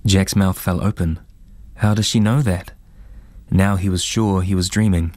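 Male audiobook narrator, very low voice, dry close sound, measured reading. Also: steady tone, a little mellow, no room sound.

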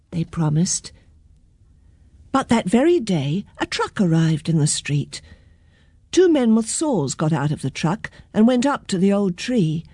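A woman reads a children's story aloud, slow and gentle. Her voice is soft and breathy with a lively, rising and falling melody, recorded close and dry. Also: fairly low pitch, no room sound. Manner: gentle, clear storybook reading. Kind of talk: reading a children's picture book aloud.

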